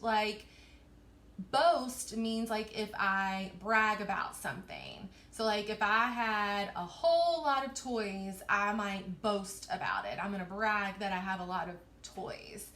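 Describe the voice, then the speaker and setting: A woman teacher giving a recorded online reading lesson to young children, slowly stretching out and sounding out words in a sing-song way. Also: medium pitch, fairly bright tone. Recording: echoey room.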